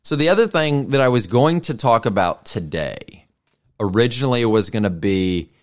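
A middle-aged man hosting a casual solo podcast, rambling and self-deprecating as he thinks out loud. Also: medium pitch, expressive, normal speed. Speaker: podcast host.

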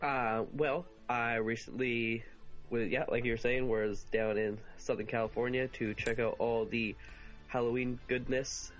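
Hoarse, sick man on a podcast. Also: medium pitch, fairly even intonation, a little slow, lo-fi sound, faint music behind. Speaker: podcast co-host. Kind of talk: casual podcast chat.

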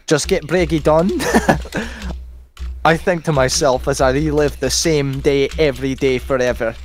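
A man's voice: medium pitch, fairly even intonation, moderate pace, faint music behind. A British man hosting a livestream, laughing often as he reads out a comic rant and the chat. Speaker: livestream host. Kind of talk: casual stream chat and comic rant reading.

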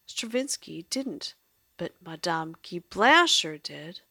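A woman voicing a clever, wry male musician who thinks out loud in a read-aloud story. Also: on the low side, very animated, takes it slowly, dry recording, exaggerated voice. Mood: musing.

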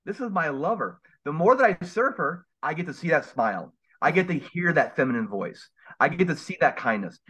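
A man's voice: a little high, very animated, brisk, a bit bright, breathy edge. A man speaking as a guest on a podcast, earnest and emphatic, with a preaching manner. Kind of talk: casual podcast interview. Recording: dull lo-fi sound.

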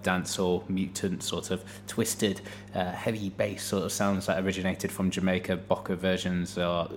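Male podcast host, very low voice, easygoing chat with pauses and fillers, faint hum behind. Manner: relaxed, hesitant with fillers. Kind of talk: casual chat between music tracks.

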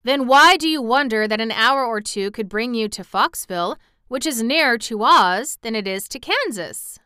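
A woman reading aloud and voicing a grand, gracious male fox king in a storybook, with a courtly, flattering manner. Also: a little high, moderate pace, clear, resonant tone, dry recording, studio quality, pitched above the performer's own voice. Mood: amused.

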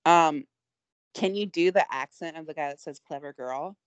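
A woman's voice: low voice, moderate pace, clear, resonant tone, dry recording. A woman co-hosting a podcast in casual chat, rambling and self-deprecating with frequent giggles. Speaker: podcast co-host.

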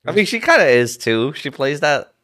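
A man co-hosting a podcast, chiming in with hesitant, unhurried comments on a film. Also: on the high side, sing-song, sharp tone. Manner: unhurried, hesitant, short agreeing replies. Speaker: podcast co-host. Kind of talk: casual movie chat.

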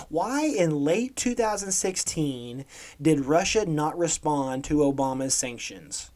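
A man's voice: a little high, animated, slow pace, a little mellow. A man co-hosting a podcast, ranting about current events in a sarcastic, emphatic way and often tagging on "okay?". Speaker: podcast co-host. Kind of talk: opinionated current-events rant.

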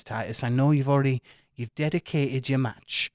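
A man from the UK, narrating as game master with an animated, joking manner. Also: mid-range voice, fairly quick, dry recording, studio quality. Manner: animated, joking, swears casually.

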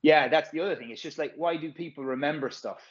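A man's voice: a little high, fast talker, dull audio. A man, a physio course presenter, chatting casually and frankly, rambling and swearing freely. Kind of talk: casual podcast chat.

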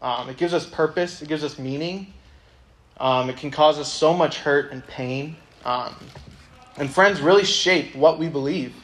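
A man's voice: a little high, a little slow, a bit bright. A young man giving a casual, conversational sermon to a youth group, reading a Bible passage aloud. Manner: casual, conversational, many ums.

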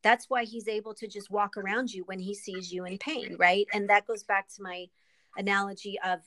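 A woman guest and author in a candid interview, speaking earnestly and with emotion, often pausing with ums and restarting. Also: mid-range voice, flat delivery, bright, forceful tone, no room sound, low-quality recording.

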